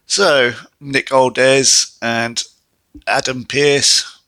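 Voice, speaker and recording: A young man giving a casual solo wrestling review, chatty and animated with exasperated asides. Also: mid-range voice, very slow, dry recording.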